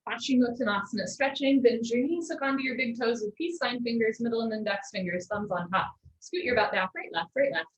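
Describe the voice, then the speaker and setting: A woman teaching a live online yoga class, giving steady posture cues with gentle encouraging asides. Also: fairly high pitch, a little fast, few pauses. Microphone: video call. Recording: echoey lo-fi video call audio.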